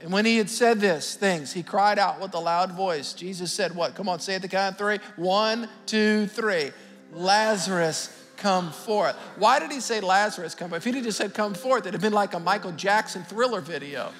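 Fervent high-voiced pastor preaching. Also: male voice, quick pace, hardly any pauses, fairly bright tone. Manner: fervent, calls out to the congregation. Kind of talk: sermon. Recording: long hall reverb with faint music.

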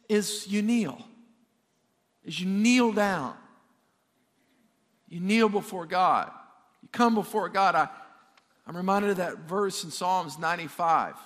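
A man's voice: high-pitched, measured pace, a bit bright. A male pastor preaching a sermon, emphatic, often repeating words as he builds up and joking with the congregation. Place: church sanctuary. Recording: long reverb of a church hall.

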